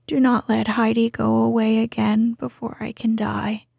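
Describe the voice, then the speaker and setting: A woman voicing a frail, grateful old grandmother in a breathy, faint whispered role-play. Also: on the high side, level tone, normal speed, darkish tone, no echo, studio quality, heavily acted. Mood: pleading.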